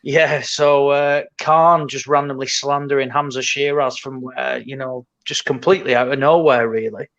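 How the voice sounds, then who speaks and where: A man's voice: medium pitch, steady tone, moderate pace, few pauses, a bit bright, highs cut off. A man co-hosting a casual boxing chat, blunt and mocking, with plenty of swearing. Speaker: podcast co-host.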